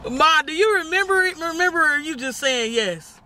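A woman's voice: sits high, animated, fairly quick, sharp tone, slight background noise. A young woman vlogger chatting casually and laughing as she tells a personal story to her viewers while eating. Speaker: vlogger host.

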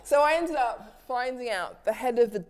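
A woman's voice: a little high, moderate pace, a little hiss or hum. A woman from London with a London accent, a TV director being interviewed, telling her story casually with frequent laughs and acted-out dialogue. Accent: London English. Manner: lively, laughs often, acts out quoted dialogue.

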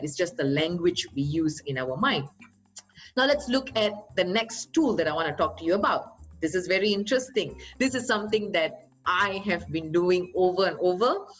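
Woman motivational trainer, lower register, upbeat and coaxing; faint music bed underneath. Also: rough recording. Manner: upbeat, coaxing, rhetorical questions to the audience. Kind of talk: motivational talk.

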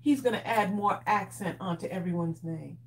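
A woman co-hosting a live crafting stream, reading viewer comments aloud with quick teasing banter and frequent laughs. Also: mid-range voice, slight background noise, low-quality recording.

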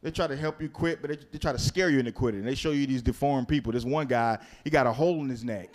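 At a comedy club, a man with a mid-range voice does live stand-up at a quick pace. He tells crude, profane stories with animation and works the crowd.

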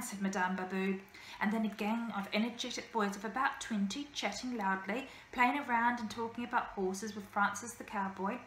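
A woman teacher reading a children's novel aloud with lively, expressive storytelling. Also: medium pitch, a little hiss or hum. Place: school room. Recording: echoey room, faint ambience.

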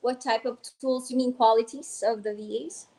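A woman's voice: fairly high pitch, steady tone, moderate pace, mellow, rough recording. Woman manager explaining with frequent fillers. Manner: hesitant, many fillers, explains step by step. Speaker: virtual assistant manager. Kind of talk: casual podcast interview.

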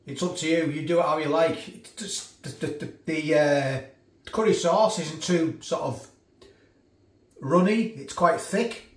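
A man's voice: fairly high pitch, a little slow. A man casually reviewing food for his vlog, chatty, often restarting and eating while he talks. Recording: echoey room from a distance.

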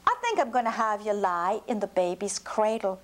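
A woman's voice: medium pitch, sing-song, normal speed, lightly acted. A woman voicing a clever, sweet-talking wife who coaxes a giant with a lilting, falsely sweet manner. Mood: scheming.

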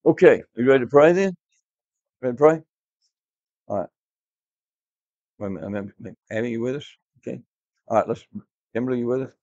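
A man's voice: medium pitch, brisk, long pauses, darkish tone, dry recording. Emphatic male teacher, dull dry recording. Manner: emphatic, repeats key words, quizzes the class. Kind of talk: classroom Bible devotional. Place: classroom.

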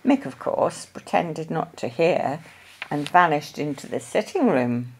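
A woman reading an old children's story aloud in a gentle, deliberate way. Her pace is unhurried, and her pitch moves expressively through the sentences. Her voice sits a little low for a woman. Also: lively intonation, breathy edge. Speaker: storybook reader.

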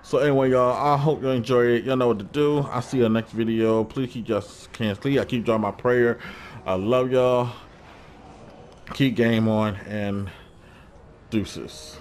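A man talks over his gameplay in loose, slangy, trash-talking commentary. His mood swings between cocky hype and frustration. His voice sits at an ordinary middle pitch, with a faint hiss of noise behind it. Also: steady tone, measured pace, darkish tone. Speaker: gaming YouTuber.

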